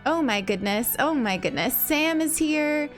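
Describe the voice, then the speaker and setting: A woman's voice: high voice, lively intonation, unhurried, faint music behind. A woman hosting a livestream in casual chat. She greets viewers in a bubbly way, repeats her phrases and laughs often, and has a slight morning cough. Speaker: livestream host.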